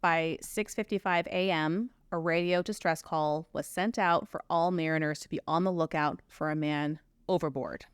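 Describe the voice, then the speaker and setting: A Canadian woman co-hosting a true crime podcast, talking fast with her words run together. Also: low-pitched, steady tone, smooth, no room sound, studio quality. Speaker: podcast co-host.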